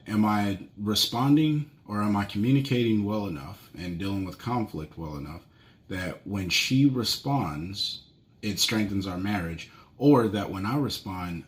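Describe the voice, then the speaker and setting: A man in his thirties talks through marriage advice as a solo podcast host. His voice sits low, and he rambles in an easygoing, conversational way. He fills pauses with plenty of ums and uhs. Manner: rambling, conversational, many fillers.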